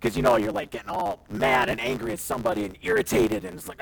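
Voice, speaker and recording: A male pastor preaching a sermon in a church, with passionate delivery that swings between loud declarations and hushed asides, often acting out quoted voices. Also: sits high, wildly swooping pitch, fast talker, gravelly, few pauses, rough recording.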